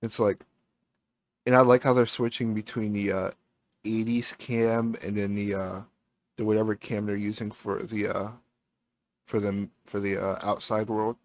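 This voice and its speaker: A tired man rambles excitedly through a casual review, full of fillers and restarts. His voice sits fairly low and comes through a dull, muffled microphone that cuts out now and then. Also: measured pace, dry recording. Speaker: YouTube reviewer. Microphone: home microphone.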